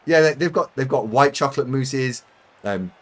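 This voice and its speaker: During a live game stream, a UK man with a medium-pitched, expressive voice talks at a moderate pace. His casual chat with viewers wanders, with plenty of self-mockery and laughs.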